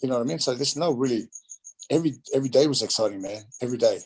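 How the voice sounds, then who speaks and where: A man, telling stories in a casual interview, rambling and animated with lots of fillers. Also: medium pitch, very fast, husky, poor audio. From Australia. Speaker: guest, retired wrestler.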